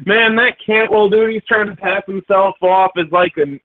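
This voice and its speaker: A man's voice: sits high, steady tone, normal speed. A man calling in to a radio show, talking in a blunt, dismissive way. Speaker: caller. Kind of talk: call-in radio phone call. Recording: tinny phone line.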